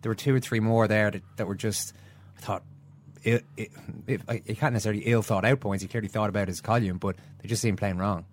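A man's voice: fairly low pitch, fairly even intonation, quick pace. A man co-hosting a casual football podcast, joking and often restarting his sentences.

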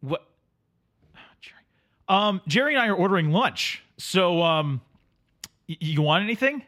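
A man's voice: high voice, animated, normal speed, sharp tone. A man playing a pushy, self-important audiobook studio engineer who talks down to his client and mutters asides, in a comedy sketch. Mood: impatient. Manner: impatient, condescending, mutters asides.

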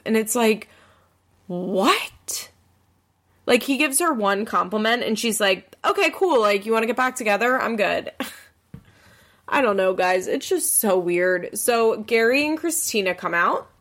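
Woman chatting thru a reality show recap, lots of fry in her voice, jumps way up high doing everyone's lines. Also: fairly bright tone. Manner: chatty, swears, acts out quotes with big pitch jumps. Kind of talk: casual recap chat.

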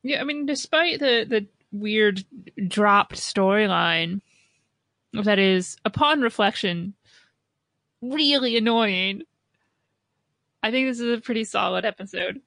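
A woman's voice: mid-range voice, takes it slowly, vocal fry, pauses often, no room sound. A woman co-hosting a podcast, chatting casually about an episode with fillers like "like". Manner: relaxed, conversational with fillers like "like". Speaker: podcast co-host. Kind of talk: casual chat.

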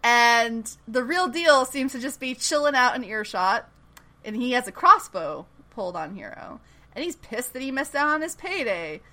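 Bright, animated woman recapping a show. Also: fairly high pitch, normal speed. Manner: animated, laughs often, acts out characters' lines. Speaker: podcast co-host recapping a TV show. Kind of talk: casual chat.

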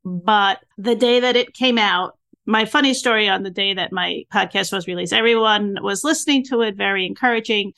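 Woman, 60s, podcast host; lively storyteller, average pitch. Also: normal speed, creaky, few pauses. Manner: animated storyteller acting out her own reactions. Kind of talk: casual interview chat.

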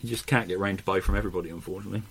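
Rambling man with a low voice. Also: fairly even intonation, rapid-fire, breathy edge. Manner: rambling, laughs often, swears casually. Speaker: podcast co-host. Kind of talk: casual chat.

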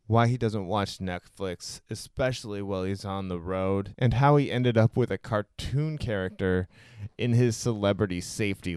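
A man's voice: on the low side, a little mellow, clear, resonant tone, no echo. A man hosting a podcast, talking in an upbeat, chatty and jokey way on a close microphone. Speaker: podcast host. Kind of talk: casual podcast interview.

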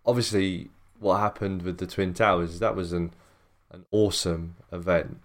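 Brief: low-voiced podcast co-host, easygoing and blunt. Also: male voice, normal speed. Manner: laid-back, swears freely, lively storyteller. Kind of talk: casual chat.

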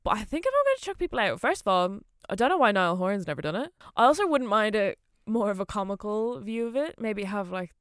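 Woman, podcast co-host, smooth clear voice, dry close sound, chatty and eager. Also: mid-range voice, very animated, quick pace, few pauses, no room sound. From Ireland. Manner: chatty and enthusiastic, with fillers like "kind of". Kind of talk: casual chat.

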